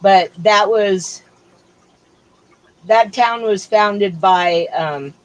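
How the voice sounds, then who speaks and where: A woman's voice: mid-range voice, drawn-out words, rough recording. A middle-aged woman hosting a casual livestream from home, chatting in a rambling way and drifting from topic to topic. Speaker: livestream host. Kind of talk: casual chat.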